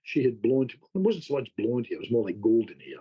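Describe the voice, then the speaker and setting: A husky-voiced man, middle-pitched, spins an anecdote as a podcast guest. He talks in animated bursts and trips over his own restarts. The audio is dull and lo-fi. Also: a little fast. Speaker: hypnotherapist guest. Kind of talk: storytelling in a podcast conversation.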